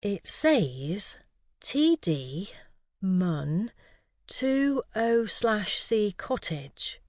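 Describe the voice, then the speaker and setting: A shrewd, observant young woman from a storybook, voiced by a woman narrator. She speaks thoughtfully and deliberately, with lively pitch. The delivery is slow and the sound close and dry. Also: no echo.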